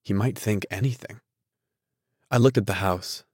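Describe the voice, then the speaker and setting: A man narrating a novel in a measured, even storytelling manner. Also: fairly low pitch, husky, no room sound, clean studio sound. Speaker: audiobook narrator. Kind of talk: scripted literary narration.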